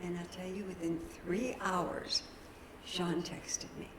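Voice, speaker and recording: A woman's voice: lowish voice, flat delivery, slow pace. Lady pastor chatting folksy in church, echoey room, some background noise. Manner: chatty, folksy, laughing at her own slips. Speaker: minister. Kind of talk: sermon. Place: church sanctuary.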